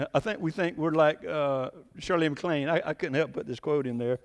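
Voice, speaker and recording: A man preaching a sermon to a congregation, animated, leaping up in pitch when he voices the people he quotes. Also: moderate pace. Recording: long reverb of a large hall.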